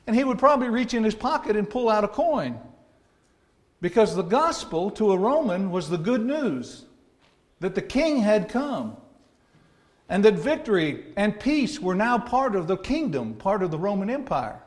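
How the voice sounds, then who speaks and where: A man's voice: high-pitched, very animated, normal speed. A man with an Alabama accent preaching a sermon, teaching in a folksy, conversational way with homey asides. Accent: Southern American, Alabama. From North Alabama.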